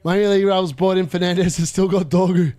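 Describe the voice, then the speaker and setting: A man streaming a live football watchalong, chatting, laughing, reading the chat and bursting into shouted play-by-play when the action picks up. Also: high voice, moderate pace. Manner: excitable, bursts into shouted play-by-play at big moments; chatty, laughs often, reads chat aloud.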